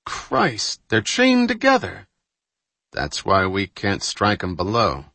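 A man's voice: fairly low pitch, huge pitch swings, slow, sharp tone, no echo, exaggerated voice. A man voicing a young junior ship officer who talks wryly and sarcastically.

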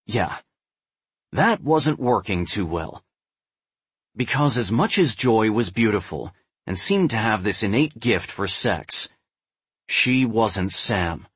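A young adult man narrating a first-person novel in a measured, brooding way. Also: on the low side, a bit bright, breathy edge, dry recording. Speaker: audiobook narrator.

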